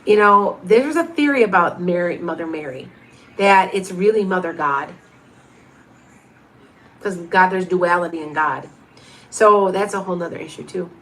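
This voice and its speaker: A woman's voice: lowish voice, moderate pace, pauses often, fairly bright tone. A woman in her fifties, a medium hosting a livestream, chatting casually through viewer questions with lots of restarts and asides. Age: 50s.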